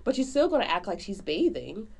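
A woman's voice: medium pitch, sing-song, fairly quick, gravelly, slightly rough. A woman co-hosting a podcast, chatting casually and animatedly about a film, full of fillers. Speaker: podcast co-host. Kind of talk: casual movie review chat.

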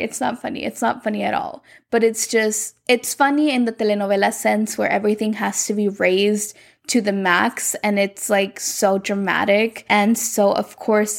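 Gravelly-voiced woman recapping a show. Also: mid-range voice. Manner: chatty, animated, frequent "like", quotes characters in passing. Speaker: telenovela recapper. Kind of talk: casual recap chat.

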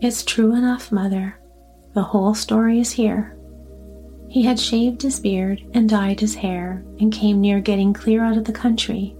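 A woman voicing a quiet, matter-of-fact grown son in a storybook reading. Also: mid-range voice, fairly even intonation, a little slow, soft background music, close to an everyday voice. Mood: earnest. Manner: quiet, earnest.

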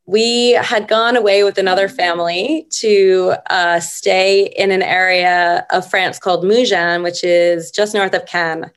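A middle-aged woman, a podcast guest, telling stories at an unhurried, reflective pace in a casual interview. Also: lowish voice, steady tone, clear, resonant tone.

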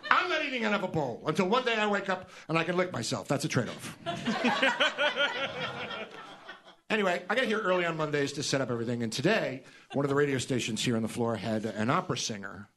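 A male host doing a comedic monologue, riffing with animated exasperation. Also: fairly high pitch, brisk. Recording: live audience laughter.

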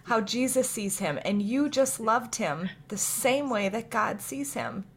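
Affirming woman host, fairly high voice. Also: measured pace, husky. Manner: affirming, with frequent agreeing interjections. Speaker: talk show host. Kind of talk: casual interview chat.

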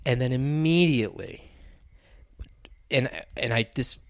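A man telling a long story in casual, profane chat, animated and often laughing. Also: medium pitch, a little slow, dry recording, clean studio sound.

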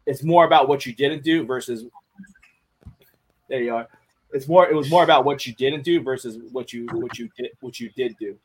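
A man's voice: medium pitch, normal speed, slightly rough, low-quality recording. Candid, blunt-talking man on a podcast. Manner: candid and profane, repeats words while thinking. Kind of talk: casual podcast chat.

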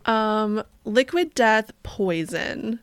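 A young adult woman co-hosting a podcast in casual chat, playful and swearing, her voice a little rough from singing the night before. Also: fairly high pitch, expressive, extremely slow, no echo. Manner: playful, swearing, breaks into sung impressions. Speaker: podcast co-host.

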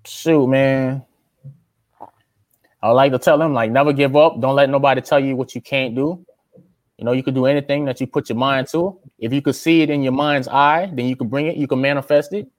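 A man's voice: medium pitch, steady tone, brisk, no room sound. A young man with a Louisiana accent, chatting casually as an interviewee, laid-back and drawling, often calling the listener man or brother. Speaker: interviewee, aspiring rapper.

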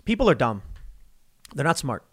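A young adult man giving an opinionated commentary monologue, acting out imagined dialogues in quick quoted voices. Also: medium pitch, big pitch swings, a bit bright, husky. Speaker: political commentary host.

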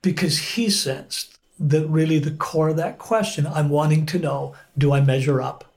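Slow-talking pastor sharing a testimony, male. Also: a little high, darkish tone. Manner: earnest, unhurried storytelling with frequent pauses. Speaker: pastor, interview guest. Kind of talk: personal testimony in conversation.

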